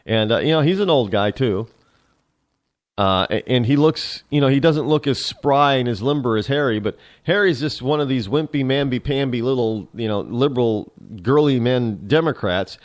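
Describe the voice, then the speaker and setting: A man's voice: medium pitch, moderate pace. A man hosting a talk radio show, delivering a sarcastic, rambling opinion monologue full of restarts and fillers.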